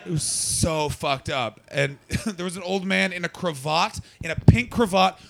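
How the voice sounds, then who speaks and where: A brash man works the crowd as a stand-up comic. His voice carries a gravelly rasp, and he teases, swears and pushes hard at the people he picks on. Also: high-pitched, a little slow. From Canada. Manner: brash, profane, teasing. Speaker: stand-up comedian.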